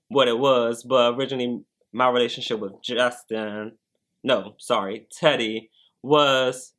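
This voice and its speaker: A young adult man, a cast member, chatting casually in an interview, rambling with lots of filler words. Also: medium pitch. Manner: relaxed, rambling, heavy use of "like" fillers.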